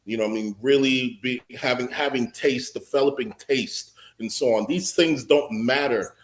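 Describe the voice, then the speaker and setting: A man's voice: medium pitch, moderate pace. A man on a panel talking in a casual chat, emphatic and profane, repeating himself for effect. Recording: roomy echo.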